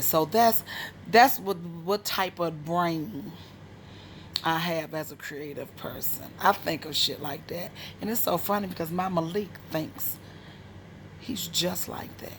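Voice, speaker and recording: A woman from Maryland casually telling a personal story, animated and frank with profanity, often dropping into a hushed whisper. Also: deep voice, measured pace, breathy edge. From Maryland, USA.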